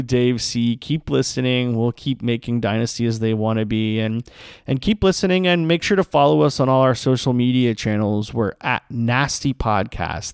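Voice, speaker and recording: A male podcast host signs off the show with chatty, playful energy, joking his way through a listener review. His voice sits at an ordinary middle pitch. The sound is dry and close, with no room around it. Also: darkish tone, clear, resonant tone, no room sound. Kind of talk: casual podcast sign-off.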